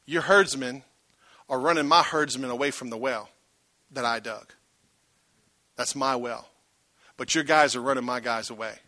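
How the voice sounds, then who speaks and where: A man's voice: medium pitch, moderate pace, pauses often, pushed and bright, dry recording, voice pushed down, lightly acted. A man voicing an ancient patriarch who states his claim firmly, in his own preaching voice. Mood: assertive. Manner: firm and assertive. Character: ancient male patriarch, assertive and calm.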